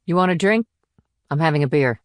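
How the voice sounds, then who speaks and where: A woman's voice: deep voice, lively intonation, fairly quick, dry recording, clean studio sound. A blunt small-town policewoman. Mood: matter-of-fact. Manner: blunt, plainspoken. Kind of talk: audiobook character reading.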